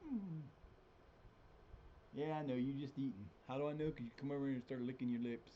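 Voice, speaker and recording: A man's voice: racing, highs cut off, a little hiss or hum. Rambling man streaming a football game. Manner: rambling, animated, breaks into high-pitched mock voices. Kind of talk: casual live-stream chat. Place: home room with cats.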